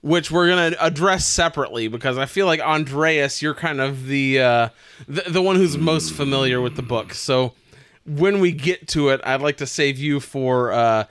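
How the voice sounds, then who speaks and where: A man co-hosting a casual movie review podcast, jokey and animated, steering the discussion. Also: mid-range voice, moderate pace, clear, resonant tone, dry recording. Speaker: podcast co-host.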